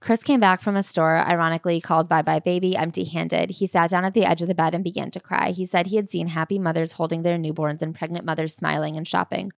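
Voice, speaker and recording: A woman with a slightly low voice, talking frankly on a casual podcast. The sound is dry and close to the mic. She reads passages from a memoir in an even, measured way. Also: vocal fry, dry recording. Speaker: podcast co-host.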